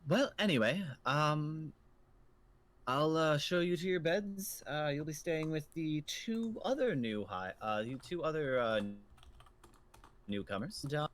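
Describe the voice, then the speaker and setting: A kindly old innkeeper woman speaks in a raised, halting voice, stopping often for ums and uhs, as a man voices her. She is a figure in a tabletop role-playing game. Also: a little high, pitched above the performer's own voice, natural voice. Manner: hesitant, full of ums and uhs. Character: kindly older woman innkeeper, Grandma Grace.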